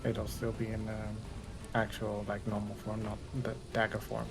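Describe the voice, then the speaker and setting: Male player, halting and flat, clear music playing under him. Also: lowish voice, rough recording. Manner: hesitant, many fillers. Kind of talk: playing a tabletop game.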